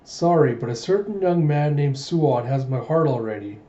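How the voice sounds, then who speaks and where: A man voicing a lazy, blunt young male guard in a flat, offhand way. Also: on the high side, normal speed, close to an everyday voice. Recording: dull roomy home recording.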